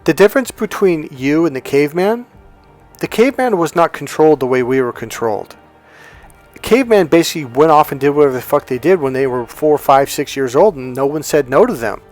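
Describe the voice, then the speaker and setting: A man's voice: on the high side, animated, brisk, a little mellow, soft background music. A man giving blunt dating advice, swearing freely and telling stories in which he acts out what other people said. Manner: profane, blunt, storytelling with acted quotes. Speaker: dating coach. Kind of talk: unscripted coaching talk.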